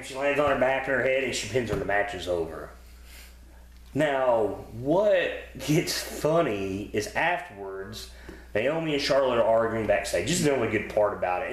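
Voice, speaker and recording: A man co-hosting a podcast, chatting casually about wrestling episodes in a rambling, profane way with many fillers. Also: mid-range voice. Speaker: podcast co-host. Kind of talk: casual wrestling review chat. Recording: roomy echo.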